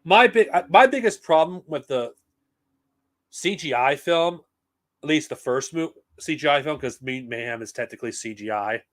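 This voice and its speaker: A man's voice: a little high, lively intonation, moderate pace, fairly bright tone. A man talking casually on a live stream, blunt and profane, rambling with frequent restarts. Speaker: streamer reviewing comics and films.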